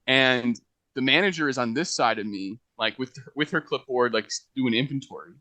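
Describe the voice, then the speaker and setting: A young man spins a work story for a podcast, animated and quick to laugh. His tone is bright and pushed forward, recorded dry and close with no room sound. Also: medium pitch, dry recording. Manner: animated anecdote-telling, laughing often, acting out quotes. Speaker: podcast co-host. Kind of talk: casual storytelling chat.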